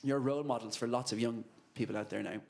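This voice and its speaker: A man's voice: medium pitch, fast, vocal fry, darkish tone. A man with a British accent interviewing, asking chatty questions full of fillers. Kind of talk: casual interview.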